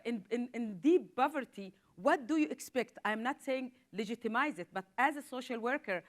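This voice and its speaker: Impassioned woman in her forties speaking on a panel. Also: fairly high pitch. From southern Israel (Negev). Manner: earnest, rising with urgency, repeats words as she builds. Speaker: panelist, social worker.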